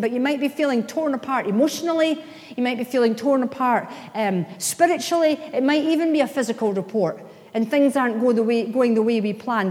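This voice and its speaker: A high-voiced woman delivers a sermon from the pulpit, pressing her points with impassioned emphasis. Her words ring out with the long reverb of a large church hall. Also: a little mellow. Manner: impassioned, rising to emphatic declarations. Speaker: pastor.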